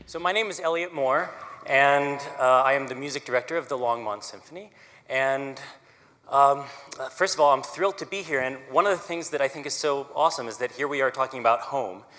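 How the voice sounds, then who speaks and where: A man from the United States gives an unscripted talk into a microphone, his voice bright and forceful. He speaks conversationally and pauses between thoughts. The sound carries a long reverb from the auditorium. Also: mid-range voice. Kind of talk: public talk. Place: auditorium stage.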